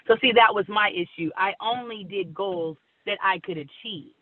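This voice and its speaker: Brief: thirties woman from California, lively storyteller, sound like a thin phone call, close and dry. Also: medium pitch, normal speed, few pauses, dry recording. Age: 30s. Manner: animated, acts out past conversations. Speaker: guest, former softball player. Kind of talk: storytelling interview.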